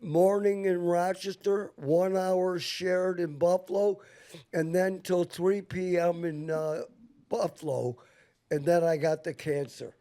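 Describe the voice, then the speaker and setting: A male host leads a casual chat at an unhurried pace. He is blunt and swears freely, and his fairly high voice has a mellow, dark tone. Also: steady tone. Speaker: show host.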